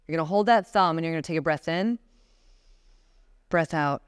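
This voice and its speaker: This guest speaker, a woman in her 40s, has a low, smooth voice and talks at a normal speed. Standing before a seated audience in a conference room, she delivers a motivational talk, leading breathing exercises and addressing the people directly.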